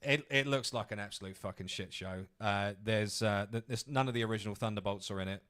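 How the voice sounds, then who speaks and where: A man's voice: fairly low pitch, brisk, a bit bright, clean tone. A man co-hosting a livestream, talking in a blunt, sweary, ranting way. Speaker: co-host of a movie news livestream. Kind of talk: casual chat.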